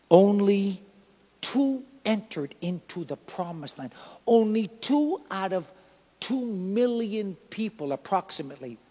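A male pastor preaching a sermon, swinging from loud emphatic lines to quiet soft ones. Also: a little high, slightly rough, big-room sound. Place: church.

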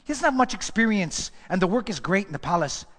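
A man's voice: sits high, big pitch swings, fast talker, fairly bright tone, in a large hall. A man pastor preaching a sermon with emphatic repetition, sometimes dropping to a whisper. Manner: emphatic preaching, repeats phrases, drops to whispers.

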